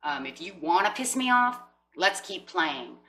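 A woman's voice: on the low side, sing-song, a little slow, sharp tone, recorded from a distance, a little hiss or hum, low-quality recording. A woman giving a chatty tarot reading, acting out what people might say. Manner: chatty, acts out quoted voices with emphasis. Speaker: tarot reader.

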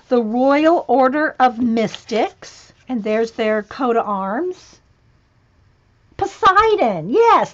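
A woman hosting a casual livestream, chatting to viewers as she pages through a coloring book, often chuckling and spelling words aloud. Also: on the high side. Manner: chatty, chuckling, reads out spellings and checks pronunciations. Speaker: livestream host. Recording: muffled lo-fi livestream audio.

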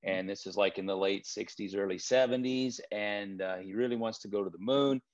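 A man speaking as a guest property trainer in a relaxed interview, telling stories with frequent restarts. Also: on the low side, normal speed. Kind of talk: casual interview chat. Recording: dull lo-fi remote recording.

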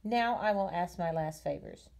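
A woman's voice: fairly low pitch, lively intonation, normal speed, gravelly, a little mellow. A woman reading an earnest young kitchen boy. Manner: earnest, respectful.

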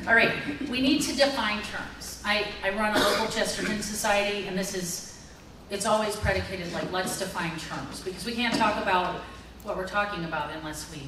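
A woman's voice: mid-range voice, moderate pace. Chatty woman in an echoey hall. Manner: chatty and joking, with casual fillers. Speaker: conference speaker. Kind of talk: conference lecture. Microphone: distant mic. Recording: echoey hall, far-off mic, background noise.

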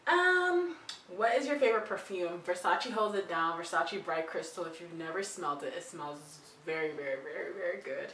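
A woman's voice: fairly low pitch, lively intonation, moderate pace, fairly bright tone, slight background noise. A young woman vlogger chatting playfully through tag questions, with giggly asides. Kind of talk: casual chat answering tag questions. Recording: roomy, distant from the mic.

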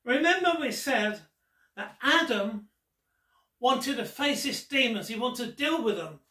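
Male gospel magician, teasing and unhurried, with a bright tone, heard with a roomy, distant sound. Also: extremely high pitch, animated. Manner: playful and teasing, addressing the viewer. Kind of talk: magic trick with a Gospel story. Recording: roomy echo, distant mic.

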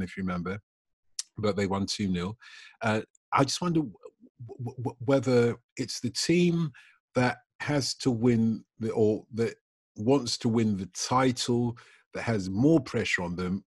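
Guy hosting a footy chat, husky lowish voice, dry close sound. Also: no room sound. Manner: chatty, laughs easily. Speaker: host. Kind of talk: casual discussion.

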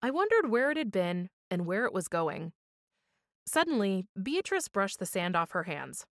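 A woman reading a children's story aloud for storytime, with expressive, measured storytelling. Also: medium pitch, no echo, clean studio sound. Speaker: storytime reader.

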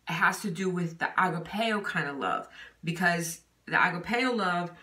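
A woman's voice: lowish voice, lively intonation, normal speed, pushed and bright, recorded from a distance. Woman teaching scripture in an echoey room. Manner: informal, with fillers like "you know" and "okay?". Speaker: bible teacher. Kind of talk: casual bible teaching. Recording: echoey room, voice set back from the mic.

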